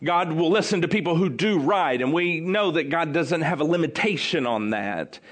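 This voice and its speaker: A man's voice: a little high, animated, normal speed. A man preaching an expository sermon in a conversational way, repeating key phrases for emphasis.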